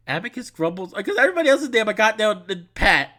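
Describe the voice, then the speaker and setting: A man reading a visual novel aloud, animated and easily flustered, stumbling over a character's name. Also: high-pitched, quick pace, hardly any pauses. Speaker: game reader.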